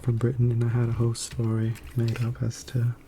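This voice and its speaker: A young man rambles in soft-spoken ASMR, meandering and full of fillers. His voice is very dark and gravelly. There is a faint hiss behind him. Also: medium pitch, monotone, a little fast. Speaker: ASMR creator.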